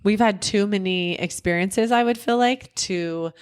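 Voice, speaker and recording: A woman's voice: mid-range voice, unhurried, smooth. A woman around forty co-hosting a podcast, chatting casually and backing her co-host up with frequent agreement. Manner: supportive, frequent "yeah" backchannels. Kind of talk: casual chat.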